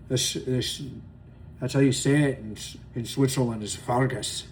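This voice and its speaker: A man's voice: mid-range voice, big pitch swings, moderate pace. Profane rambling sports talk guy. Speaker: sports podcast host. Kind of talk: casual solo sports commentary.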